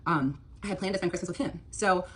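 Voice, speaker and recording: A young woman rambles through her own dating story as a TikTok storytime, speaking at a quick pace in a lowish, somewhat bright voice with a breathy edge. She quotes what the other person said and uses plenty of fillers.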